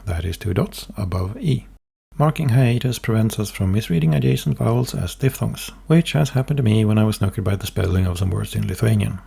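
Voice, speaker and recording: A man giving a careful, measured, scripted explanation in a lecturing manner. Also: deep voice, gravelly, dark tone, breathy edge. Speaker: language hobbyist presenter.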